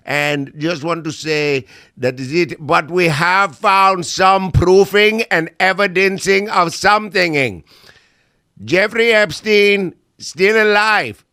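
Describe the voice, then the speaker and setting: A man putting on a solemn male official who speaks halting, broken English in a comic impression. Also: sits high, pushed and bright, clear, resonant tone, no echo, studio quality, exaggerated voice.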